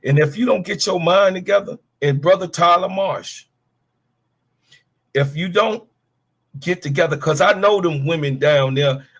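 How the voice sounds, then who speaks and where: A man's voice: sits high, a little slow, a bit bright. A middle-aged man hosting a sports talk livestream, ranting in a fired-up, blunt way and swearing freely as he speaks to his chat and co-host. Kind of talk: heated livestream rant.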